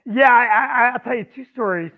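A man's voice: extremely high pitch, fast talker. A man who owns a comedy club, telling stories in casual podcast chat and acting out what people said. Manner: animated storyteller acting out quotes. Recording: tinny phone-like line.

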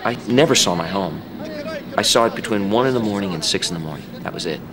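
A man telling emphatic, animated stories in an archival interview. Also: lowish voice, fast talker. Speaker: pop singer interviewed. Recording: noisy archival interview audio.

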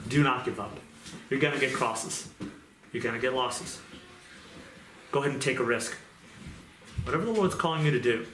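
A man preaching a testimony sermon, telling his story earnestly and repeating his points for emphasis. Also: mid-range voice. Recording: echoey room with loud noise.

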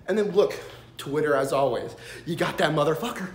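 A man doing a loud, profane comedic rant into a phone on a selfie stick, swearing and laughing as he stammers through his points. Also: fairly high pitch, brisk, echoey room. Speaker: vlogger.

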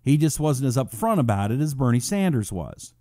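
A man's voice: big pitch swings, fairly quick, warm tone, no echo, studio quality. A man hosting a political talk radio show, reading listener messages and answering critics with sarcasm. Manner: combative, sarcastic, mocks critics in high put-on voices.

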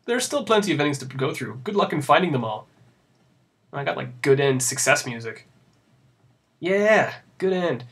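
A man's voice: on the high side, very animated, normal speed, long pauses, fairly bright tone. A young man commenting sarcastically over a visual novel he plays, rambling and laughing at it. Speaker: let's play host. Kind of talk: casual gameplay commentary.

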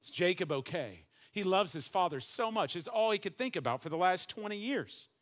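A middle-aged man, a pastor preaching a sermon with animated swings from hushed to loud. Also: high-pitched, fairly quick.

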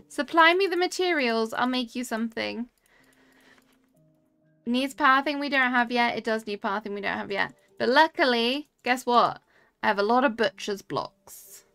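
A woman's voice: high-pitched, creaky, fairly bright tone. A young woman live-streaming a cozy game, chatting casually and answering her chat as she builds.

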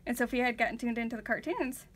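A woman's voice: fairly high pitch, quick pace, a bit bright, a little hiss or hum. A woman vlogger chatting casually while she paints, telling family stories with many fillers and restarts. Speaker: vlogger, art journaler.

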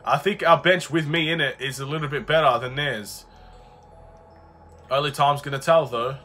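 Excitable young man narrating his own gameplay. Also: a little high, normal speed, faint music behind. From Australia. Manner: excitable, swings from muttering to frustrated shouting. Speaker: gaming YouTuber. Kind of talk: live gameplay commentary.

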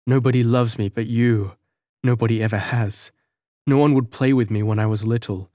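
A man's voice: medium pitch, steady tone, moderate pace, mellow, no echo, clean studio sound, close to an everyday voice. A man voicing a lonely, pleading young girl. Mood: sobbing, pleading. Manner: earnest, tearful pleading.

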